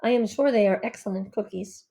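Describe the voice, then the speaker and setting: A woman's voice: mid-range voice, brisk, gravelly, natural voice. A woman voicing a polite, earnest young Bengali boy with a light Indian accent. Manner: polite, earnest, soft-spoken.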